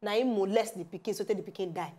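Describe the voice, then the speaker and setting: A woman's voice: mid-range voice, very fast, warm tone, husky. A woman with a Nigerian Pidgin accent, co-hosting a TV talk show in a teasing, chatty way. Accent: Nigerian Pidgin English. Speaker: TV show co-host. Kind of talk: casual chat presenting news stories.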